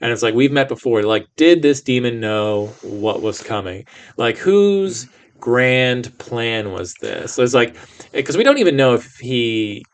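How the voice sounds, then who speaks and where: A man's voice: mid-range voice, sing-song, unhurried. A man co-hosting a podcast, chatting casually about a movie, rambling with many fillers and restarts. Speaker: podcast co-host. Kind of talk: casual movie review chat.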